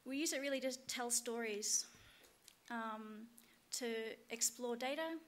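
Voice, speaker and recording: A woman's voice: fairly high pitch, measured pace. Hesitant New Zealand woman teaching a workshop. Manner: hesitant, many ums. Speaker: workshop instructor. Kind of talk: conference workshop talk. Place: conference room.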